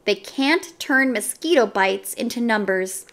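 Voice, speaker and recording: A woman voicing a friendly young male yard teacher who tells a story to a class with patient, lively storytelling. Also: fairly high pitch, unhurried.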